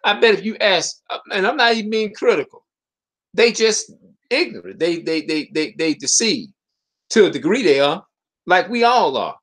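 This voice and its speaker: A man with a fairly high-pitched voice delivers a fervent, preachy monologue straight to his online viewers. He keeps circling back to the same rhetorical questions and often trips over his words and starts sentences again. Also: lively intonation, normal speed, fairly bright tone. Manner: stumbles and restarts mid-sentence. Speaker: video commentator. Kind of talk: impassioned spoken monologue to viewers.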